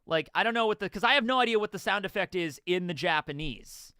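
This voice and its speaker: Man, high lively voice, bright and clear, rambling live reaction, self-correcting. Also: fast talker, no echo, clean studio sound. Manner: rambling, self-correcting, bursts into acted character lines. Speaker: reaction channel host. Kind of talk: live manga chapter reaction.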